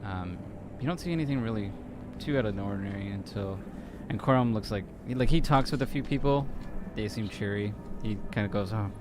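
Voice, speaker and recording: A man narrating as game master in a relaxed, hesitant way with many fillers. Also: on the low side, fairly quick, hardly any pauses, noisy background.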